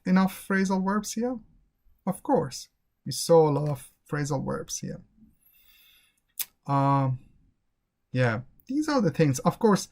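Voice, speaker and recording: A man teaching an exam-prep English lesson online, explaining patiently and demonstrating phrases by repeating them with different intonation, with a Persian accent. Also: fairly high pitch.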